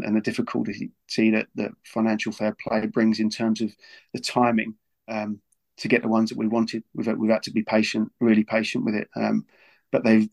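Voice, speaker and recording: Earnest man, gravelly and flat. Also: on the low side. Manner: earnest, repeats words often. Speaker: football club figure as guest. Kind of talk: casual podcast talk.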